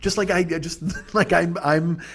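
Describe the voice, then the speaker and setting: A man's voice: a little high, steady tone, normal speed, fairly bright tone. A man hosting a podcast, telling a rambling, profane comic story with lots of stammering restarts. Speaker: podcast host.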